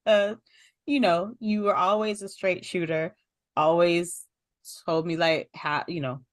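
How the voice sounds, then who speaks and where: A woman's voice: fairly low pitch, big pitch swings, unhurried, no room sound, studio quality. A woman hosting a casual conversation with a friend, laughing often and getting emotional. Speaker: host.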